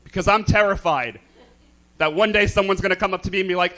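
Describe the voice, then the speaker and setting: A man doing campy, theatrical stand-up comedy in a club, throwing quick asides to the crowd. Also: sits high, animated, sharp tone. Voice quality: slight lisp. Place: comedy club stage with a live audience.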